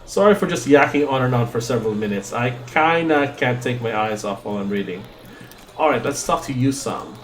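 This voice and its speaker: Host: man, casual let's-play chatter, jokey and rambling, mid-pitched, faint background hum. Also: fairly quick. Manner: rambling, joking, chatting with viewers. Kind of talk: casual gameplay commentary.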